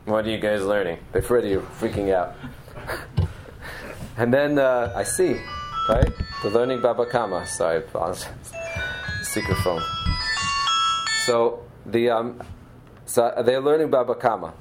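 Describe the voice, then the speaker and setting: A man's voice: mid-range voice, unhurried, pauses often, over loud music, rough recording. A middle-aged man giving a Torah lecture as a teacher, telling stories earnestly and mixing Hebrew and Yiddish terms into his English.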